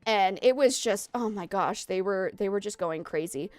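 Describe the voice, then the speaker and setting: A woman's voice: medium pitch, normal speed, darkish tone. A woman streaming a game, chatting in a rambling way that jumps between topics, a little out of breath. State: slightly out of breath. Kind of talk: casual chat while streaming a game. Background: faint game music.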